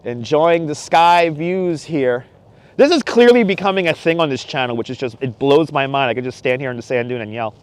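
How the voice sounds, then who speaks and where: Out on a chilly nighttime beach, a middle-aged livestreamer talks with his audience, reads their messages out loud, and laughs frequently. He wears a wireless clip-on mic, and his fairly high voice comes across expressive, brisk, clear, and resonant.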